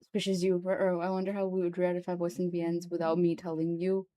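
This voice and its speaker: A woman streamer and voice actor chatting live on stream, excitable and repetitive, swearing freely. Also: lowish voice, fast talker, no room sound. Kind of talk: casual livestream chat.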